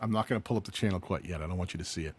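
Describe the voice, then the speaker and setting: A man co-hosting a live-stream channel review game show, playful and lively, thinking aloud as he reads. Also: sits low, racing, husky. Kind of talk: casual live-stream banter and channel critique.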